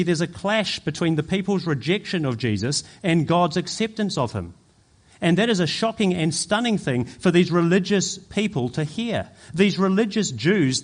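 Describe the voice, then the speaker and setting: A man preaching a sermon as pastor, emphatic and building to forceful peaks. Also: fairly high pitch.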